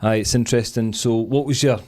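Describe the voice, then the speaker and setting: A Scottish man hosting a podcast, asking questions in a relaxed, conversational way with plenty of fillers. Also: medium pitch, a little fast. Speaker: podcast host. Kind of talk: casual podcast interview.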